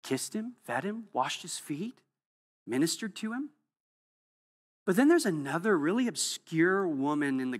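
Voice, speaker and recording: A pastor preaching a sermon in a church sanctuary, the voice trailing off into a long hall reverb. The delivery is emphatic, dropping to near-whispers and then rising sharply. The voice sits at a middling pitch. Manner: emphatic, swings between soft and loud.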